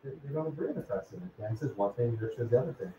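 Talking fast with lively intonation at a medium pitch, a male law professor casually calls students by name and questions them in a law class. There's background noise, and the lecture classroom recording is distant, echoey, and dull.

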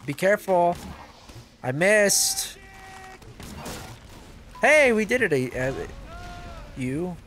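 A man giving casual, excitable gameplay commentary as a video host, swearing and joking to himself. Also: on the high side, slight background noise. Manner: excitable, yells and swears at the game; jokey self-talk.

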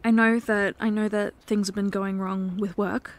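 A woman doing a whispered role-play as a girlfriend, speaking in a tender, pleading, soft-spoken way. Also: medium pitch, level tone, normal speed. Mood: concerned. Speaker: ASMR performer.

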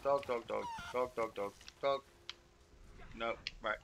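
With a gravelly, medium-pitched voice, fairly even intonation and a slow pace, a game streamer gives casual commentary over a noisy background. He rambles, swears and breaks off mid-sentence.

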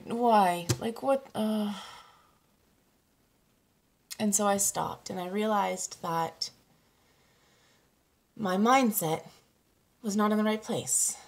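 Slow-talking woman, candid and near tears. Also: on the low side. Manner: candid, emotional, halting. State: close to tears. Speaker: parenting coach. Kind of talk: personal vlog monologue.

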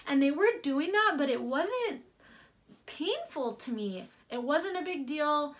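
A young woman with a fairly high voice tells her birth story in a casual vlog. She gushes and chats with her viewers, piling up fillers as she goes. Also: expressive, unhurried. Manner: chatty and gushing, many fillers, addresses viewers as "you guys". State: near tears at moments. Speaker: vlogger.

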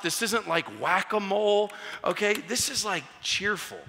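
A man preaching a sermon in a church, animated and story-driven, acting out both sides of conversations. His voice is bright and forceful and sits a little high for a man. A long hall reverb trails after his words. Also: unhurried. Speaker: pastor.

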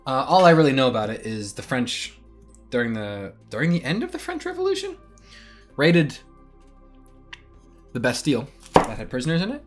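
A man's voice: mid-range voice, big pitch swings, moderate pace, pauses often, soft background music. Rambling self-mocking young man. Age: young adult. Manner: self-deprecating, rambling, chatty. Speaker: vlogger. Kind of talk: casual rambling vlog.

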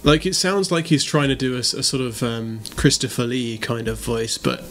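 A man's voice: mid-range voice, fairly even intonation, moderate pace, fairly bright tone, faint music behind. A man streaming a game, giving casual, playful commentary. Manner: chatty, playful, teasing.

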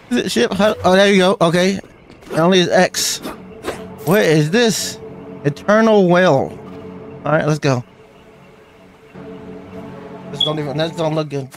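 A young man calls out a game as he plays it, excitable and full of slang. His voice sits high and leaps up and down a lot, with faint game music underneath. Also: slow pace, long pauses. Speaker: gaming YouTuber. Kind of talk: let's play commentary.

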